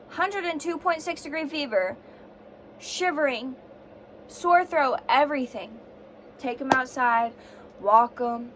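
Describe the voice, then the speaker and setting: A woman's voice: high-pitched, fairly bright tone, a little hiss or hum. A young woman telling a story in a casual vlog, sick with a fever and sore throat, ranting dramatically and swearing a lot. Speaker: vlogger.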